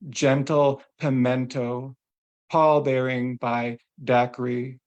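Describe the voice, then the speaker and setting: A man reading his own poem aloud in a measured, deliberate way. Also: mid-range voice. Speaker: poet. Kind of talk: poetry reading.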